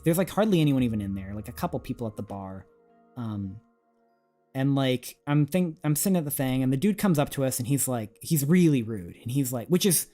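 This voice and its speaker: A man's voice: medium pitch, dark tone. A man streaming, casually telling a rambling story with many fillers and chuckles. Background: faint music.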